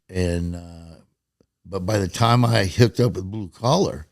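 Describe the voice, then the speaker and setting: A middle-aged man, a comedian guest on a podcast, telling stories in a casual, animated way. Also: lowish voice, creaky, dry recording, clean studio sound. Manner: animated, acts out quoted voices and laughs at his own stories. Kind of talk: casual storytelling chat.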